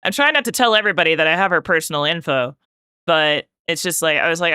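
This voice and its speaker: A woman streamer chats with her live viewers while she paints, telling a winding story stuffed with "like". Her voice is bright and crisp. The sound is dry and close, with no room echo. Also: deep voice, fast talker. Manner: rambling storytelling full of "like" fillers; talks directly to chat while painting.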